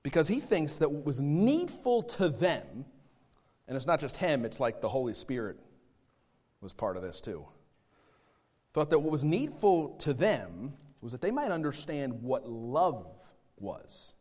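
A man preaching a sermon, swinging between loud stressed phrases and quiet asides. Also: medium pitch, big pitch swings, unhurried, big-room sound. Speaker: pastor.

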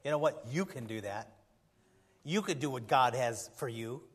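A man pastor preaching a sermon in a church, swinging from soft to loud and slowing down on key phrases for emphasis. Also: medium pitch, animated, husky.

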